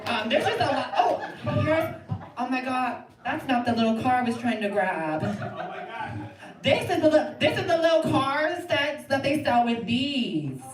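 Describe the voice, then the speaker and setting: A young woman plays a flustered, giggly Southern girl star who rambles from one toy to the next and keeps losing her thread. Her voice sits a little high. The sound is echoey and far from the mic on a live stage, with a loud audience behind it. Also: sing-song, a little slow, crowd noise. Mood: flustered giddy. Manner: rambling, flustered, giggly, trails off mid-sentence. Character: giddy scatterbrained girl child star, obsessed with toys. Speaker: improv performer. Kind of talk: live improv comedy character. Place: theatre stage.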